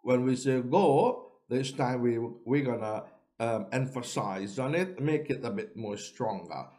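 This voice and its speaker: A man teaching how to pronounce letters, saying each sound slowly and clearly, with pauses for the listener to repeat. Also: mid-range voice, lively intonation, mellow. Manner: drawn-out, deliberate letter sounds with pauses for repetition. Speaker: Quran reading teacher. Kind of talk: slow pronunciation lesson.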